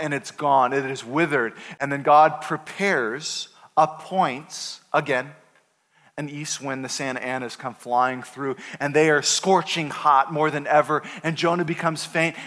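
A pastor preaching a sermon, telling the story with playful voices for the characters. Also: male voice, medium pitch, moderate pace, a bit bright. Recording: hall reverb.

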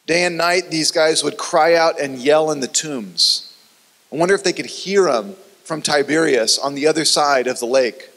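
A man preaching a sermon as a pastor, telling the story dramatically and often dropping his voice low and quiet. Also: normal speed. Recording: long reverb of a large hall.

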